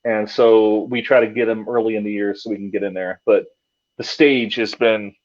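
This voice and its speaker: A man's voice: lowish voice, level tone, moderate pace. A man, a paranormal investigator, telling a story casually, with many fillers and restarts. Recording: dull lo-fi sound.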